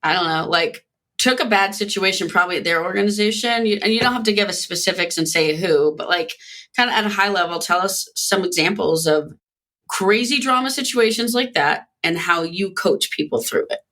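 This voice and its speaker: A woman's voice: mid-range voice, brisk, bright, forceful tone. A woman hosting a casual podcast, asking loose, chatty questions full of fillers. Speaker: podcast host.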